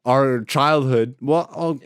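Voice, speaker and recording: Man, podcast host, loud profane banter, bursts of laughter, dry close mic. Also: medium pitch, slow, clear, resonant tone, dry recording. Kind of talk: casual podcast chat.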